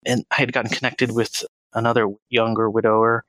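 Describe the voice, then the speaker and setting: A man in his thirties, a financial planner as podcast guest, speaking in an earnest, measured and reflective way. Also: medium pitch, flat delivery, fairly bright tone, dry recording, rough recording. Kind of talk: conversational interview.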